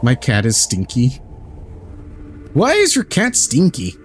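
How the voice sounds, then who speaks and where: A man's voice: medium pitch, huge pitch swings, slow pace, a little hiss or hum. A man streaming a game, chatting casually in a rambling, jokey way and swearing freely.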